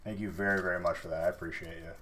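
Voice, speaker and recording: A man's voice: sits low, little pitch movement, rapid-fire, noisy background. A man casually chatting on a live stream while opening card packs, teasing and thanking viewers.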